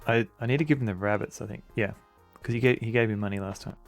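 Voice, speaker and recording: A man's voice: on the low side, fairly even intonation, fast talker, faint music behind. A man streaming an old computer game, rambling casually, chuckling and greeting chat.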